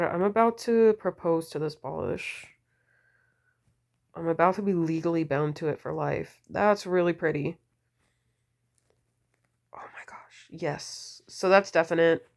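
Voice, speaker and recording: A woman vlogger chatting casually about nail polish, gushing and full of fillers, her voice deepened and a bit slurred from a cold. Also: creaky. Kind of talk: casual wishlist chat.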